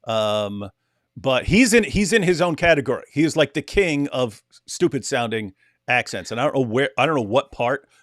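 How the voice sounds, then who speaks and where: A man's voice: medium pitch, animated, normal speed, dry recording, studio quality. A man co-hosting a casual livestream chat, rambling and laughing as he talks. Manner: rambling, laughing, mock accents. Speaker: co-host.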